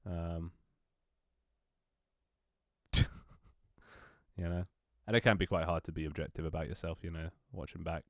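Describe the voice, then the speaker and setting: This is a young man with a very low voice, rambling to his stream audience. He swears casually and trips over his words as he goes. The sound is dry and close. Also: steady tone, unhurried, creaky, pauses often, no room sound. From London, England. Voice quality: swears casually, many restarts and laughs. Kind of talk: casual chat with stream viewers.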